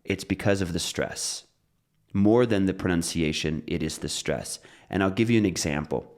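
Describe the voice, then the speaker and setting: Deep-voiced man teaching pronunciation. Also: normal speed. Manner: relaxed, explains with examples and repeats phrases. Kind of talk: casual spoken lesson.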